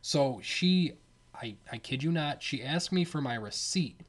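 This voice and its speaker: A man's voice: fairly high pitch, a little slow. Young guy telling a wild story. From Detroit, Michigan. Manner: animated, laughing storyteller, says dude and man a lot. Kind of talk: casual chat, storytelling.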